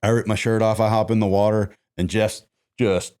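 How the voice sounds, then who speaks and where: A man, a music manager, telling lively stories in a casual podcast chat, acting out what others said. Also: on the low side, normal speed, clear, resonant tone. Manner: animated storyteller acting out quotes.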